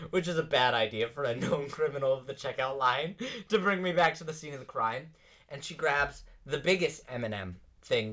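A young man hosting a podcast, telling a story in a casual, animated way and laughing often. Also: mid-range voice. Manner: animated, laughing often, acts out quoted voices. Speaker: podcast host. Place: podcast studio.

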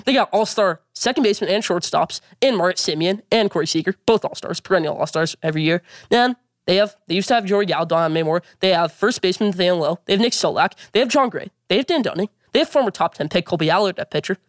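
A man's voice: sits high, expressive, fast talker, no echo, studio quality. A man hosting a sports opinion vlog, delivering emphatic, opinionated takes and repeating his points. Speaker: sports show host.

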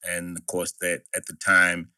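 Deep, bright-edged middle-aged man. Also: completely flat delivery, unhurried, smooth, dry recording. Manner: earnest personal storytelling. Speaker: podcast co-host. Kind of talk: podcast conversation.

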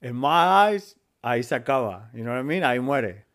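A man's voice: medium pitch, lively intonation, brisk, a bit bright. A man co-hosting a casual podcast, telling a story with lots of swearing, laughter and Spanish slang. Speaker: podcast co-host. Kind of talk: casual chat.

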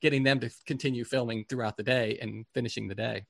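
Man, film director, gravelly voice, dry close sound, casual anecdotes, swears freely. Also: mid-range voice, fairly even intonation, fast talker, a bit bright, dry recording. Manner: candid, swears casually, acts out quoted people. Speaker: film director as podcast guest. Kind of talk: casual storytelling interview.

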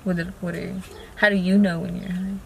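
A woman's voice: fairly low pitch, level tone, brisk, creaky. Laid-back young woman host, casual car chat, faint hiss behind. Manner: laid-back, soft-spoken, giggly. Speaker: podcast host. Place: inside a parked car. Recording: faint background noise in a car.

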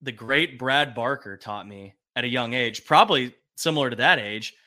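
A man co-hosts a casual sports talk show. He banters in an upbeat, encouraging way, with a bright and forceful tone at a middle pitch. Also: moderate pace. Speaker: podcast co-host.

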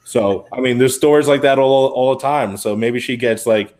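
A man's voice: mid-range voice, normal speed, darkish tone. Rambling man chatting on a podcast. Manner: rambling, heavy use of "like". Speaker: podcast co-host. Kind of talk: casual podcast chat.

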